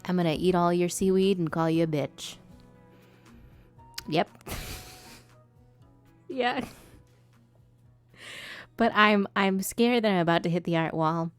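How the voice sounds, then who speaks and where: A woman's voice: fairly low pitch, takes it slowly, pauses often, clean tone, soft background music. A woman streamer chatting casually while she draws, swearing freely and now and then putting on a polite customer-service voice.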